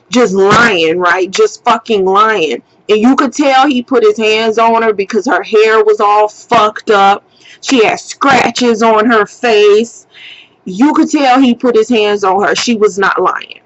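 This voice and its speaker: A woman telling a personal story to her camera in a storytime vlog, profane and animated, acting out her own shouting. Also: fairly high pitch, unhurried, a little hiss or hum. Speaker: vlogger. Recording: dull lo-fi sound.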